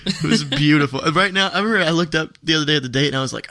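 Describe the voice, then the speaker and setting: A man's voice: on the high side, very fast, sharp tone, no room sound, clean studio sound. A man co-hosting a podcast, telling rambling childhood stories in casual chat and laughing through them. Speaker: podcast co-host.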